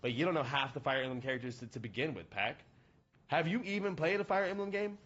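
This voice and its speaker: A man's voice: fairly high pitch, expressive, fast, fairly bright tone, dull audio. A young man streaming games, chatting casually in a rambling, slangy, joking way. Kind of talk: casual gaming stream chat.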